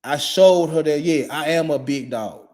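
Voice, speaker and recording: A man's voice: fairly high pitch, a little slow, darkish tone. A man in his forties delivering a blunt, profane monologue in a repetitive, emphatic way.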